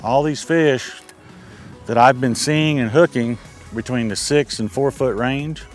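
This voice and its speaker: A man's voice: medium pitch, a little slow, soft background music. An older man, talking through fishing tips in a folksy, easygoing way from a boat on a lake. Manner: folksy, easygoing, explains step by step. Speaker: angler giving fishing tips. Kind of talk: casual outdoor instruction.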